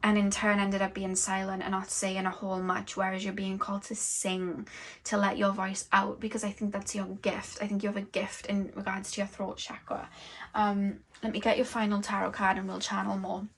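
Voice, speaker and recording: A young woman giving a tarot reading, musing slowly and dreamily as she channels messages. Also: medium pitch, completely flat delivery, a bit bright. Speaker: tarot reader.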